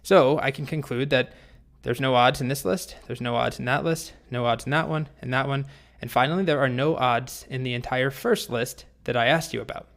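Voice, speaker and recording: A man's voice: mid-range voice, normal speed, gravelly, fairly bright tone. A man voicing an earnest, polite young boy apprentice in a spoken story. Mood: triumphant.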